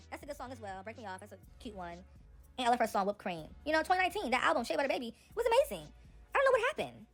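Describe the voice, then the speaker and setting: A woman's voice: high-pitched, big pitch swings, rapid-fire, soft background music. A woman hosting a celebrity gossip channel, giving casual, sassy and opinionated commentary straight to her viewers.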